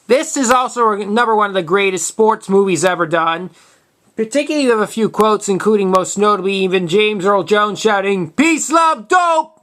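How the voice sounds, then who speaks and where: Young man in his twenties, casual collector vlog, stop-start delivery with frequent word restarts, plain unhurried tone. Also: sits high, fairly bright tone. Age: 20s. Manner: halting, restarts words, plain matter-of-fact tone. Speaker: video collector showing tapes. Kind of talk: casual show-and-tell vlog.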